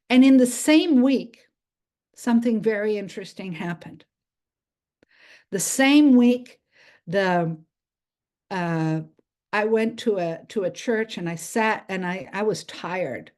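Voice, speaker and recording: A woman with as her telling a faith story in English, halting and restarting as she acts out the voices of others. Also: mid-range voice, lively intonation, a little mellow. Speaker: speaker sharing a testimony. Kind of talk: spoken testimony.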